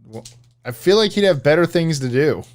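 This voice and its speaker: A man's voice: a little high, expressive, moderate pace, a little mellow. A man co-hosting a casual live stream, rambling and correcting himself as he answers chat.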